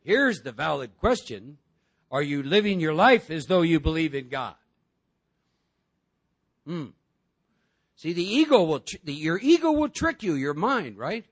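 Gravelly high-voiced man addressing a group. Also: measured pace, pauses often. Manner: animated, acts out voices, jokes with the room. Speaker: recovery meeting speaker. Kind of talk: recovery talk to a group.

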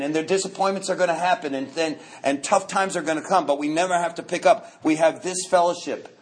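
New man telling his recovery story. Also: a little high. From New York. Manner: animated, joking, repeats words as he restarts. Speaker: recovery meeting speaker. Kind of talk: storytelling talk at a recovery meeting.

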